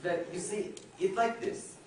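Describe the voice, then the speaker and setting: A man acting a nervous, excitable suitor of thirty-five on stage, flustered, stammering and overly formal. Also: sits high, unhurried. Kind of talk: amateur stage play. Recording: echoey hall from far off, faint noise.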